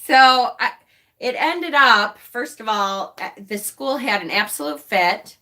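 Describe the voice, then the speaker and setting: A middle-aged woman with a bright, sharp-edged voice, chatting loosely on a livestream. She talks bluntly, swears without a second thought, and laughs often between remarks. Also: a little high, lively intonation, takes it slowly. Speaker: livestream host. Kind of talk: casual livestream chat.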